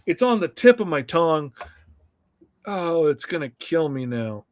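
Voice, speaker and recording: A man's voice: a little high, sing-song, unhurried, darkish tone. A man co-hosting a casual live stream, talking enthusiastically and rambling with many fillers. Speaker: co-host.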